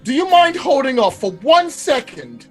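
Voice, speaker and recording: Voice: high-pitched, very animated, normal speed, faint music behind, pitched above the performer's own voice. A player doing a fussy, harried older brother. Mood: exasperated. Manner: fussy, exasperated, clipped. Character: harried older brother, busy innkeeper-alchemist.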